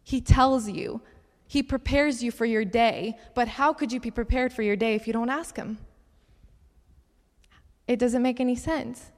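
A young woman with a slightly high voice tells personal testimonies like a sermon. She is chatty and animated and acts out each exchange in her stories. Her voice carries a long reverb, as if spoken in a big church hall. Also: unhurried, long pauses. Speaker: camp counselor giving a testimony talk. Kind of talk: sermon-style testimony storytelling.

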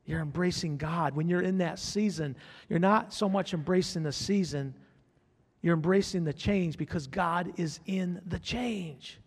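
A man's voice: sits high, unhurried, slightly rough, long reverb tail. A man preaching a sermon as pastor, fervent, repeating his phrases and calling out to the congregation.

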